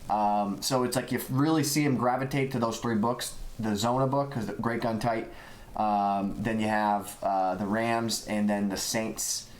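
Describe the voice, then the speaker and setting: A man's voice: fairly low pitch, a little slow, rough recording. A man co-hosting a casual gaming show, talking emphatically about football plays with many restarts. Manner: excitable, emphatic, talks in restarts. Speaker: co-host and gameplay analyst.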